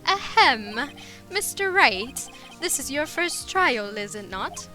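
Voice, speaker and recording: A woman voicing a stern older male judge who speaks in a formal, measured way, with game music behind. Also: high-pitched, sing-song, sharp tone, voice pushed up, heavily acted.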